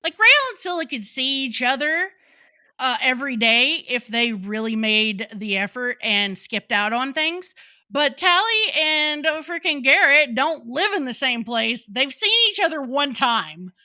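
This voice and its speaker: High sharp-voiced woman cohost, chatty, quick little quips. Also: animated. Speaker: podcast co-host. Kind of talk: casual chat.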